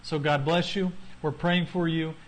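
Halting missionary man, faint noise behind. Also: fairly high pitch, steady tone. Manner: halting, with many fillers. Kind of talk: recorded video update.

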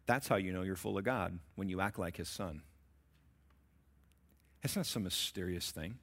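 A man preaching a sermon, asking his congregation questions and swinging between loud emphatic peaks and quiet low passages. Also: normal speed. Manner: asks the congregation rhetorical questions. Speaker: pastor.

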